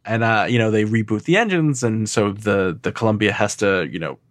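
A man's voice: fairly low pitch, brisk, no room sound. A man co-hosting a podcast in casual chat, recapping an episode in a rambling way full of fillers. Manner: rambling, filler-heavy recap with frequent laughs. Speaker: podcast co-host.

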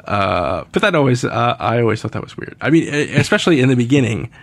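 A man's voice: medium pitch, sing-song, fast talker, gravelly, no room sound. A man hosting a casual podcast, chatty, laughing often and acting out characters' lines as he recaps an episode. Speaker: podcast host.

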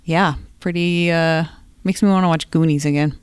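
A woman's voice: low voice, steady tone, moderate pace, smooth, no room sound, studio quality. Chatty woman co-hosting a casual podcast. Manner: chatty, laughs easily, brief backchannels. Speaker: podcast co-host. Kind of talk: casual chat.

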